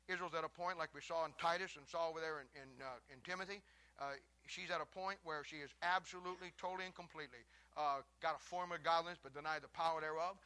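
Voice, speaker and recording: High, bright-voiced preacher. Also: male voice. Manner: fiery, shouting in the first half, then lower and conversational with asides. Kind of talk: sermon.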